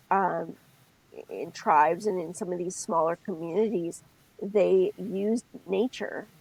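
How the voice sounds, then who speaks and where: This podcast co-host has a fairly low, gravelly, slightly rough voice, captured on a rough recording. On a casual spiritual chat show, she talks expressively and thinks aloud, often stopping to rethink and interrupt herself mid-sentence.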